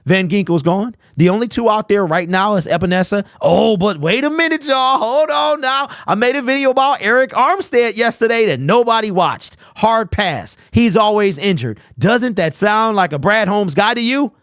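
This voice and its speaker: A man's voice: high-pitched, lively intonation, moderate pace, hardly any pauses, a bit bright, dry recording, studio quality. A young man hosting a live sports talk stream, ranting bluntly, reading chat messages aloud and firing off rhetorical questions. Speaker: host.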